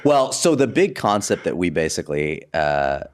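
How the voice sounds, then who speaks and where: Deep-voiced young man telling stories. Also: normal speed. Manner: animated storyteller, lots of "like" and "you know". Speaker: podcast guest, actor. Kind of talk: casual podcast chat.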